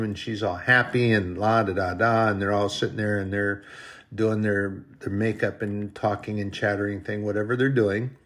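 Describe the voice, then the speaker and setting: A man's voice: fairly low pitch, a bit bright. Folksy man telling a rambling story. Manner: folksy, rambling, acts out little quoted voices. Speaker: preacher. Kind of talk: storytelling sermon.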